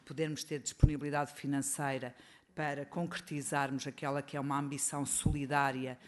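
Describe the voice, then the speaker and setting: Formal man with a flat voice giving a welcome speech. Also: mid-range voice, fast talker. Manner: formal, with frequent hesitation fillers. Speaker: politician.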